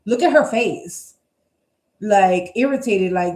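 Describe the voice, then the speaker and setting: A woman's voice: a little high, moderate pace, warm tone. Blunt, swearing woman tarot reader. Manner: blunt, profane and emphatic. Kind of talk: casual tarot energy reading. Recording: roomy echo.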